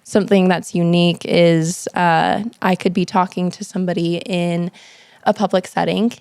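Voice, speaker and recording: A woman's voice: lowish voice, level tone, normal speed, vocal fry, darkish tone, smooth, no echo. Affirming woman on a podcast. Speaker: podcast guest. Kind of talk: casual conversation.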